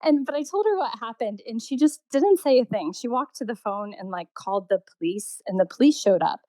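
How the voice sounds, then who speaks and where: A woman's voice: fairly high pitch, animated, a little fast, warm tone, no room sound. A woman from Indiana telling stories about her life and art in a loose, rambling way, full of restarts and laughs. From Indiana, USA. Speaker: artist interviewee. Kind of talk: casual storytelling.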